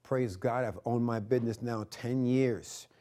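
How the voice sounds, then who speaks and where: A middle-aged man hosting a TV show as a karate instructor, energetic and preachy, repeating his points and shouting martial arts cries. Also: mid-range voice, measured pace. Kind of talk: martial arts lesson with motivational talk. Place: TV studio.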